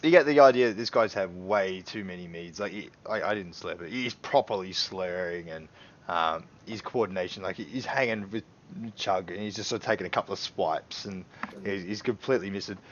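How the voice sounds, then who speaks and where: A man's voice: sits low, a little fast, a little hiss or hum. A man running a tabletop game as dungeon master, narrating scenes with laughter. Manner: animated storytelling with laughs. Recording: dull lo-fi stream audio.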